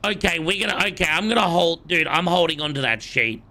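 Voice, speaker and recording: A man's voice: fairly high pitch, lively intonation, fairly quick, sharp tone. A man with an Australian accent, casually commentating his game on a live stream and bantering cockily with chat. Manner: playful, cocky banter with chat.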